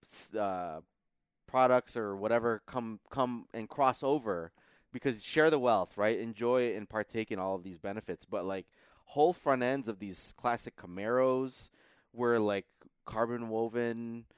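Podcast cohost guy chatting about cars, keeps saying yes, smooth clear voice, dry close mic. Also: medium pitch, a little slow, no room sound. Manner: agreeable, frequent short affirmations. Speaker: podcast co-host. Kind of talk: casual chat.

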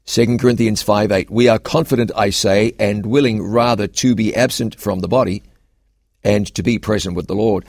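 A man's voice: on the low side, fairly even intonation, moderate pace, gravelly, darkish tone, no room sound, clean studio sound. A man, a pastor co-hosting a Bible question show, who explains scripture with an earnest preaching cadence. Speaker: pastor and co-host. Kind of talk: Bible Q&A discussion.

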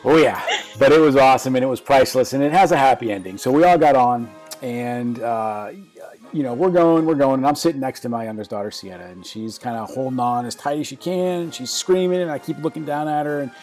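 A man in his forties, a podcast co-host, chatting casually and telling a family story with halting starts and repeated words. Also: medium pitch, darkish tone, faint music behind.

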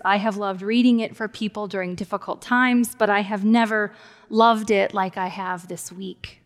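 A woman pastor delivers a sermon at an unhurried pace, talking to her listeners conversationally and dropping into near-whispers to stress a point. Her voice rings out with the long reverb of a large sanctuary. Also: mid-range voice. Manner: warm conversational preaching with soft, hushed emphases.

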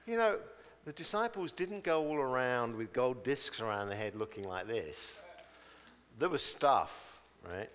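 A man's voice: mid-range voice, lively intonation, normal speed, fairly bright tone, in a large hall. A man preaching a chatty sermon, telling stories and acting out their people in voices.

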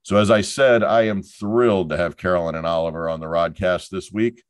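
A man's voice: low-pitched, fairly even intonation, fairly quick, clear, resonant tone, no echo, studio quality. A middle-aged man from Florida hosting a podcast, delivering a jokey, storytelling monologue with showman patter. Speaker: podcast host.

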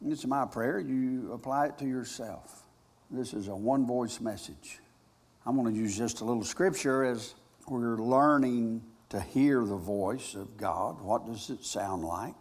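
A male pastor preaching a sermon, telling a story dramatically and moving between loud and hushed delivery. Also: mid-range voice, unhurried, husky. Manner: dramatic storytelling with big swings in loudness. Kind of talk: sermon with a retold personal story.

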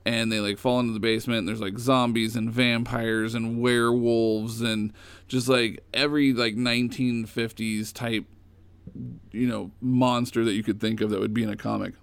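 A man casually retelling old comic stories in a rambling, animated way. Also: medium pitch, moderate pace, gravelly, clean tone, dry recording. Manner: rambling, animated storytelling with fillers.

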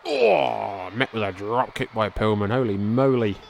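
A man hosting a podcast, giving casual, excitable play-by-play over old wrestling footage, with frequent exclamations and thinking aloud as he goes. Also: lowish voice, unhurried, vocal fry, a little hiss or hum. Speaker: podcast host.

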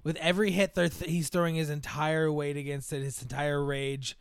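A man's voice: fairly high pitch, moderate pace, clear, resonant tone, no echo, clean studio sound. A man co-hosting a podcast, retelling movie scenes casually with lots of swearing. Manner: profane, animated retelling of scenes. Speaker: podcast co-host.

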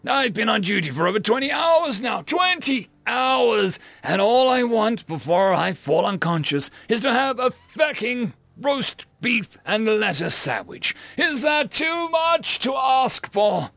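A man voicing an exhausted, furious male crewman who shouts and swears at a machine. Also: high voice, sing-song, fairly quick, vocal fry, hardly any pauses, no echo, faint music behind, exaggerated voice.

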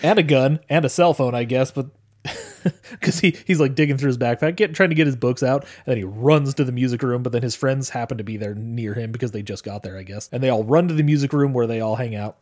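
A man's voice: medium pitch, a little fast, darkish tone. A man co-hosting a casual podcast, retelling a film's plot with lots of swearing and acted-out quotes. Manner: profane storytelling, acts out characters' lines. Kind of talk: casual movie recap chat.

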